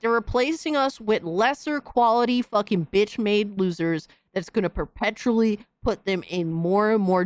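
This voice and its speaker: A woman's voice: mid-range voice, no room sound. Heated profane woman ranting. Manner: heated, profane, slangy rant. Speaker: podcast host. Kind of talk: casual ranting commentary.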